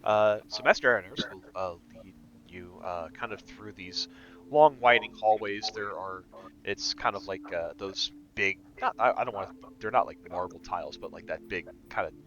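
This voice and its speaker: A man's voice: lowish voice, normal speed, fairly bright tone. A man narrating a tabletop game as game master, rambling with many fillers. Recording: dull lo-fi recording.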